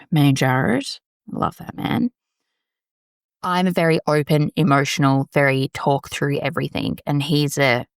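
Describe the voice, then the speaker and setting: A woman's voice: sits low, no echo, studio quality. A woman, talking candidly and rambling on her solo podcast from a small storage room. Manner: candid, rambling, swears casually. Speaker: podcast host. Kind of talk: casual solo podcast monologue.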